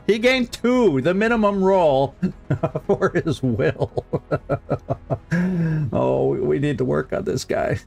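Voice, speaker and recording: Streaming a strategy game, a man chats casually with viewers, chuckling often and repeating words as he thinks out loud in let's-play style. His voice sits on the high side, extremely slow with vocal fry, long pauses and a slightly mellow quality, while faint music plays in the background.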